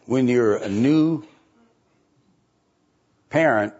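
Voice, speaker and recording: A middle-aged man preaching a sermon in a conversational way, asking rhetorical questions and jumping up in pitch to stress a point. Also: drawn-out words, darkish tone, lo-fi sound. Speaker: pastor.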